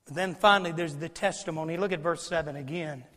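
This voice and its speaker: A man preaching a sermon as pastor, emphatic and preacherly, swinging from loud declarations to low, intimate asides. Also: quick pace. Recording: long reverb of a large hall.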